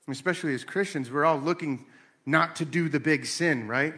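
A man's voice: a little high, fairly quick. A man in his late thirties talking casually about faith and family, telling stories and acting out voices. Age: 30s. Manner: animated storytelling with acted-out voices.

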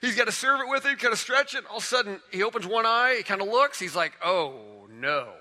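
A male pastor tells his stories in an animated sermon, with a high, bright and cutting voice. A long reverb from a large hall trails every phrase. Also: fast talker. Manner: animated storytelling, acting out characters.

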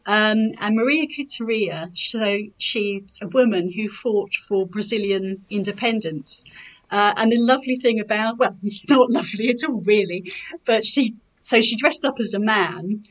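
Woman, poet, casual chat, hesitant, restarts, middle pitch. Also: moderate pace, poor audio. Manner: hesitant, many fillers and restarts. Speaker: poet and author.

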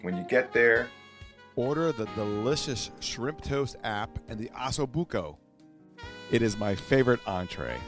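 A man hosting a podcast, upbeat and enthusiastic, closing an interview and reading a sponsor spot. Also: lowish voice. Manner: upbeat, laughs easily, enthusiastic. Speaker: podcast host. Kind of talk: casual interview and sponsor read.

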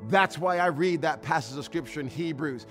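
A man's voice: on the high side, normal speed, a bit bright, faint music behind. A male pastor preaching a sermon. He tells a personal story, acts out his own past lines and builds to emphatic, repetitive preaching.

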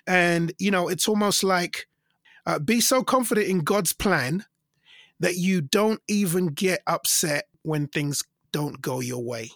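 A middle-aged man with a fairly high, gravelly voice tells stories in an easygoing interview. He jumps up in pitch to act out other people's lines. The sound is close and dry. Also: a little slow, no room sound. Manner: animated, acts out quoted voices with big pitch jumps. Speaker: singer and interview guest. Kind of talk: casual storytelling interview.

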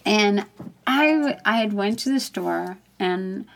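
A woman's voice: medium pitch, animated, takes it slowly, gravelly, a little hiss or hum. A woman co-hosting a casual faith talk show, telling a personal story in a candid, rambling way and laughing often.

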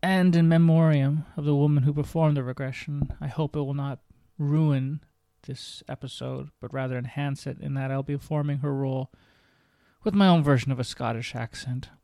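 A man's voice: mid-range voice, fairly even intonation, normal speed, creaky, dark tone, no echo, studio quality. A man hosting his own podcast, reading his memoir in an earnest, reflective way. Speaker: podcast host.

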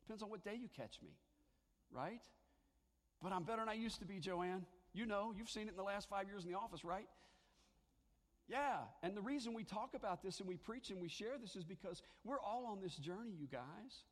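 A man's voice: high voice, expressive, fairly quick, big-room sound. A man preaching a sermon to his congregation in a church, talking in a conversational way and joking with them. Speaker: pastor. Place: church sanctuary.

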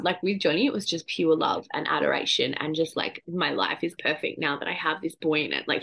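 A woman's voice: on the low side, fairly bright tone, slightly rough. A woman, hosting a podcast in a chatty, digressive way and swearing casually. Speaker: podcast host and psychic medium. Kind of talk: casual solo podcast talk.

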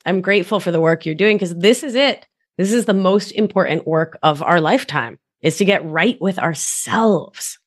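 A woman guest on a podcast, a wellness and somatics coach who talks in an effusive, playful way, dropping soft and then rising to exclaim. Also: on the low side, normal speed. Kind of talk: casual podcast conversation.

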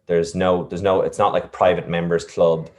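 A man's voice: low-pitched, level tone, normal speed, darkish tone. A man reflectively telling a personal story, with many fillers and restarts. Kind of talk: casual storytelling.

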